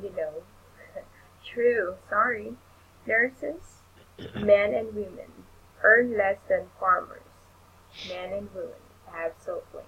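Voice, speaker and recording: Slow, patient woman tutor. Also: mid-range voice, vocal fry, husky, narrow, tinny audio. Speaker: English tutor. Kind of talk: online English lesson.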